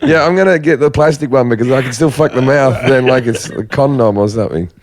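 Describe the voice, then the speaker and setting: A man's voice: mid-range voice, fast talker. A man hosting a casual podcast chat, telling crude, rambling stories full of restarts.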